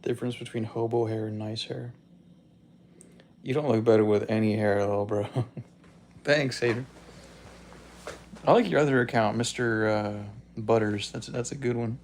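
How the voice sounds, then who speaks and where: A man's voice: mid-range voice, moderate pace, long pauses, slight background noise. A man on a livestream, casually chatting and joking as he reads out viewer comments. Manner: relaxed, joking, laughs often.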